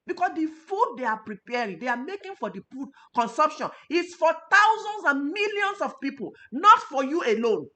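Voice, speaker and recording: Nigerian woman, nutritionist host, high animated voice, emphatic and passionate. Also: moderate pace, hardly any pauses. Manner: emotional, emphatic, preachy. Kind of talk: health talk show.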